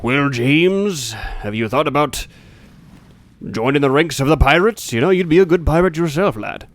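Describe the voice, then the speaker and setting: A man's voice: a little high, lively intonation, moderate pace, pitched above the performer's own voice, lightly acted. A man voicing a peg-legged male pirate jailer who coaxes a prisoner in a folksy way. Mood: coaxing. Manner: coaxing, folksy.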